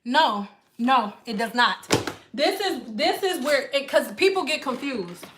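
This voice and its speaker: A woman hair stylist chatting casually to live viewers, animated and blunt, swearing freely and slipping into playful put-on voices. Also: high voice, a little slow, noisy background.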